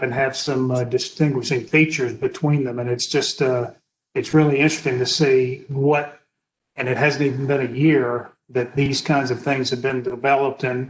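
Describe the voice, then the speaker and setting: A man's voice: mid-range voice, a bit bright, slight background noise, low-quality recording. A man moderating an online panel, easygoing and a bit repetitive with fillers. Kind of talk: webinar moderation.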